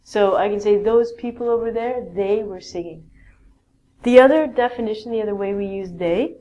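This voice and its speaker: A woman teaching a basic English grammar lesson in a classroom style, explaining slowly and checking in often with "okay?". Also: medium pitch, mellow, highs cut off. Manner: slow, clear teaching with many "okay?" checks.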